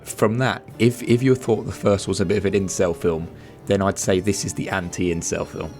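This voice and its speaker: A man's voice: low voice, fairly even intonation, normal speed, a little mellow, faint music behind. A man co-hosting a podcast with a congested, stuffy nose, giving rambling opinions in casual chat. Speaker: podcast co-host.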